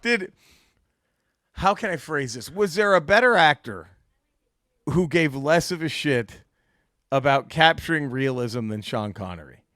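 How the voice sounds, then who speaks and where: A man co-hosting a casual comedy podcast, talking in a high voice that leaps up and down in pitch. His tone is bright and forceful, and he keeps breaking into laughter. The sound is dry and close. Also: a little slow, pauses often, no room sound. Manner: animated, profane, laughs a lot, does mock impressions. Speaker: podcast co-host.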